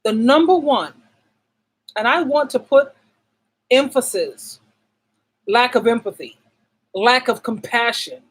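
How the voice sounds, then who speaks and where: A woman's voice: a little high, slow, pauses often, slightly rough, rough recording. A middle-aged woman hosting an advice channel, talking casually and bluntly, asking herself rhetorical questions and repeating words for stress. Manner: emphatic, asks rhetorical questions and answers them herself. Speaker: relationship advice channel host. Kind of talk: casual advice monologue to camera.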